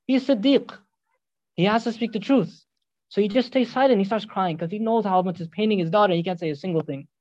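A man preaching a sermon, animated and emphatic, telling a dramatic story. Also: high-pitched, dry recording, muffled recording.

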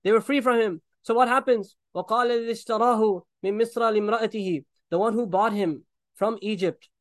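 A man preaching a sermon, retelling a story with animated acted-out voices and frequent laughs. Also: sits high, racing, dry recording.

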